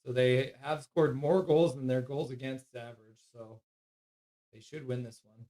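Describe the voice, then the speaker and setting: A man hosting a live hockey stream, calling the play, reading chat and cooing at his dog in soft baby talk. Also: medium pitch, normal speed. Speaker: streamer host.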